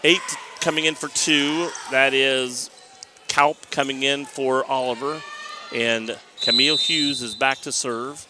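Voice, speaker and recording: A man's voice: medium pitch, fairly even intonation. Chatty man calling volleyball in a noisy gym. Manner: chatty, rambling, restarts sentences, calls plays quickly. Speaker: play-by-play commentator. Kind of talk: live volleyball commentary. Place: high school gym. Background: gym noise, balls bouncing.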